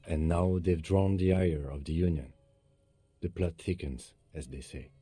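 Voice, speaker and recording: A man voicing a calm, reserved police partner in a video game, speaking in a measured, understated way. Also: low voice, slightly rough, no room sound.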